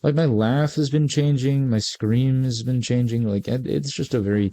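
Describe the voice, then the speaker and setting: A man's voice: mid-range voice, moderate pace, warm tone, no room sound. A man in his forties giving casual, rambling gameplay commentary with laid-back, self-mocking asides. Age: 40s. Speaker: gaming video creator.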